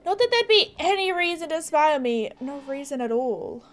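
A woman's voice: sits high, lively intonation, moderate pace. A woman voicing a snooty, jumpy new teen girl at a stable in a horse game, defensive and boastful, reading the game's lines aloud. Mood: startled.

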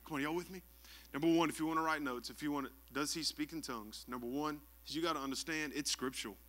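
A young man preaching a lively sermon as pastor, calling out to the congregation for responses. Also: fairly high pitch, fast.

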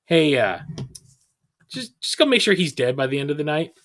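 A man's voice: fairly high pitch, sing-song, moderate pace, a bit bright. A man doing a dismissive crime boss colonel. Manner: offhand, dismissive.

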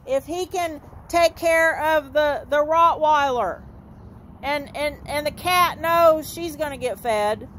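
A woman's voice: high-pitched, takes it slowly, fairly bright tone, slight background noise. A woman giving a folksy, informal sermon outdoors, repeating her points and calling her listeners "saints.". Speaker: street minister. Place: outdoors in a dry horse lot.

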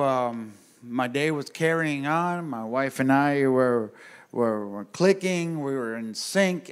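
A male pastor telling a story in a casual, animated way to a men's group at church, talking straight to his listeners. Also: on the high side. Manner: animated, conversational, addresses the audience directly. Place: church gathering room.

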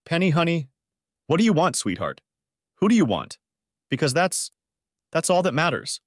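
A man voicing a gentle middle-aged mother who speaks softly and tenderly in an audiobook story. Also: on the high side, big pitch swings, normal speed, no echo, studio quality, voice pushed up. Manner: soft, tender and consoling.

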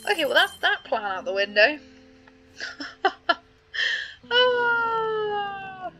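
A woman's voice: fairly high pitch, big pitch swings, a little slow, over music, rough recording. A young British woman giving chatty, giggly commentary to her viewers as she plays a horse game. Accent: British English. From Britain. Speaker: gaming YouTuber. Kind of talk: casual gameplay commentary.

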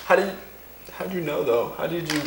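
A young man hosting a casual home vlog, soft-spoken and halting. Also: on the high side, animated, a little hiss or hum. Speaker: vlogger, boyfriend. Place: home room at Christmas. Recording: echoey room.

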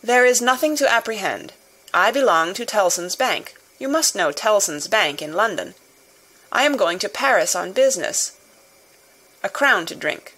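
A woman reading the lines of a composed middle-aged male bank clerk, speaking with quiet businesslike confidence. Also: medium pitch, animated, moderate pace, slightly rough. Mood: calm, businesslike.

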